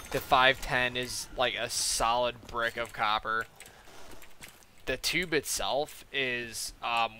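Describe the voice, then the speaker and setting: Young guy gaming and rambling, super bright voice, lots of "like", faint hiss in the background. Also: medium pitch. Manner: rambling, lots of "like" and retold dialogue. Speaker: gaming streamer. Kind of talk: casual chat while gaming.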